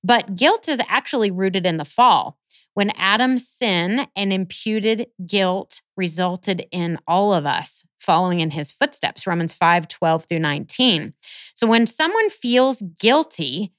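On her Christian podcast, a woman teaches from a script in an unhurried, earnest manner, citing Bible verses. Her medium-pitched voice is a bit bright with lively intonation, and there's no echo.

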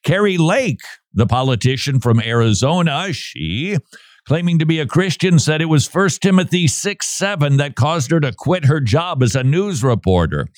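A man hosts a casual commentary show, sarcastic and quick to laugh. His pitch leaps up and down as he mocks and then turns serious. The recording is close and dry. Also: dry recording. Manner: sarcastic, animated, laughs often. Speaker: podcast host.

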